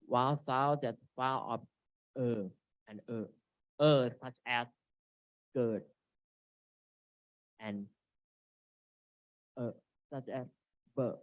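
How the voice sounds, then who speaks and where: Halting man presenting a seminar. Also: mid-range voice, no room sound. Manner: halting, reads from slides with frequent restarts. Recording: dry, dull lo-fi recording.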